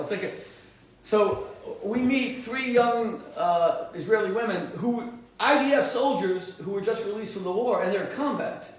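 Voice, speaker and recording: A man with a fairly high voice hosts his own show as a rabbi, telling stories with fervent emphasis. He trips and restarts often, and his pitch jumps when he drives a point home. He sits back from the microphone in a strongly reverberant room, with faint noise underneath. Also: recorded from a distance. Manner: animated, emphatic, rises sharply in pitch when stressing points, frequent restarts. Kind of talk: impassioned storytelling monologue.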